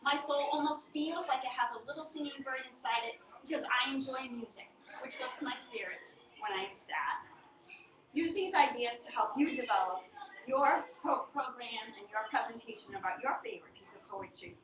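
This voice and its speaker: A woman teacher giving a model poetry presentation, explaining in a deliberate, clearly paced way. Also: a little high, background noise. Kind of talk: model student presentation on a poem. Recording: echoey, distant, dull and lo-fi.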